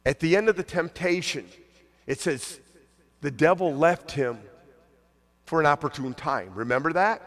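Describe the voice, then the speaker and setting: A man preaching a sermon in a relaxed, conversational way, his voice sitting a little high for a man. He acts out the voices of the people he quotes. The sound rings with long reverb from a church hall. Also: moderate pace, pauses often. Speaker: pastor.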